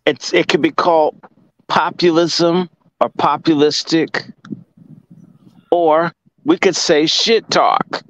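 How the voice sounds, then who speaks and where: A man's voice: a little high, fairly even intonation, slow, long pauses, a bit bright, no echo, muffled recording. A man from Washington, D.C., a guest commentator lecturing in emphatic, profane casual talk.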